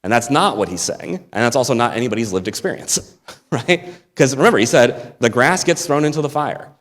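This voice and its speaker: An American man giving a sermon as a guest preacher, talking it through in a relaxed, conversational way with asides and small laughs. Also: mid-range voice, a little fast. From United States. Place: church sanctuary. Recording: long hall reverb.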